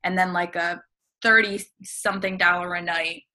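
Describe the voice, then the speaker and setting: A woman's voice: on the low side, fairly even intonation, normal speed, sharp tone. An American woman, a podcast guest, telling a long story in a breezy, chatty way, full of casual fillers. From United States.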